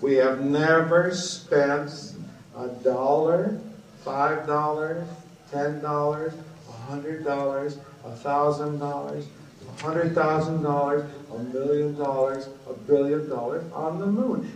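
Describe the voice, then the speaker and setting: A man giving an animated, blunt storytelling speech at a book conference. He swings from low asides to loud shouted outbursts. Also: slow pace, recorded from a distance. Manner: blunt and profane. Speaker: guest speaker at a book conference. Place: conference hall. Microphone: PA system taped from the audience on a cassette recorder. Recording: echoey hall, taped from the audience on cassette.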